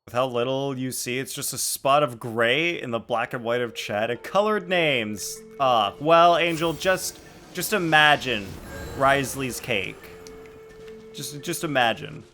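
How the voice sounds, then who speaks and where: A man streaming a game, chatting casually and excitably with his viewers. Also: mid-range voice, measured pace, soft background music. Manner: excitable, jokey, reacting to chat. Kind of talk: casual live-stream chat.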